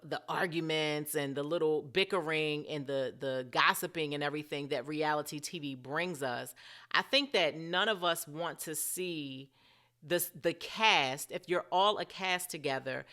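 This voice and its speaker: A woman's voice: low-pitched, unhurried, fairly bright tone. A middle-aged woman giving chatty reality TV commentary, often turning to ask her viewers what they think. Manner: chatty, asks viewers directly. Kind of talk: casual commentary vlog.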